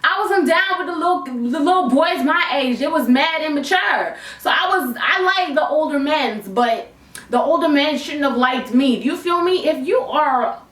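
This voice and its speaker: A young woman chats through a personal story in a lively, playful, slangy storytime manner, her voice pitched high. She sounds like she's recording alone in her bedroom, with the room echoing and the mic set some way back from her. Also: normal speed. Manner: animated, playful and conversational, with a raised on-camera voice. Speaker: YouTuber telling a personal story. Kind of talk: storytime vlog, casual slangy chat. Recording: echoey room, mic at a distance.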